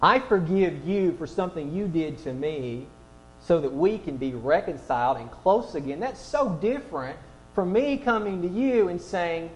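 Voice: medium pitch, lively intonation, unhurried, soft background music, rough recording. A preacher delivering a sermon to a room, asking the audience many rhetorical questions.

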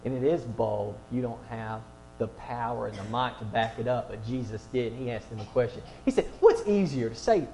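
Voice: medium pitch, flat delivery, normal speed, vocal fry, darkish tone, a little hiss or hum, rough recording. A preacher delivering a sermon to a room, asking the audience many rhetorical questions.

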